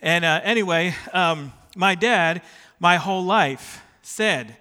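A man's voice: high voice, moderate pace, sharp tone, big-room sound. A middle-aged man preaching a sermon in a church sanctuary, chatty and self-deprecating, who keeps checking in with the congregation. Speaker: pastor. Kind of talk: sermon with personal stories.

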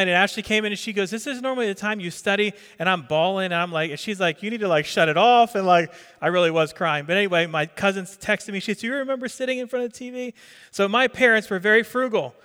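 Middle-aged male pastor from New Jersey, high chatty sermon voice, reverberant hall. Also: a bit bright, clean tone. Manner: conversational, quizzes the congregation, repeats words.

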